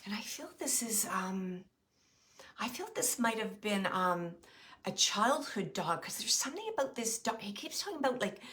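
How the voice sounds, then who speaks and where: A woman with a bright, clear voice gives a live psychic reading to her viewers. She thinks aloud, hesitating often and filling pauses with small sounds as she describes impressions the moment they come to her. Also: medium pitch, lively intonation. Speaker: psychic medium.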